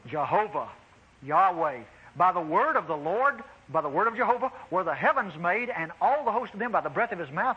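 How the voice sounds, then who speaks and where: A man preaching a sermon, animated and exclaiming, addressing the congregation as beloved. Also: high voice, breathy edge, dull audio.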